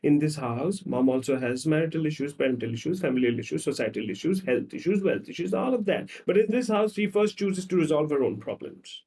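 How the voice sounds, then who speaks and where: Man with a warm, mellow voice. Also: on the high side, fairly quick, few pauses, distant mic. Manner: animated storytelling with repetitive lists. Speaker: psychologist. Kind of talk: explaining with acted examples.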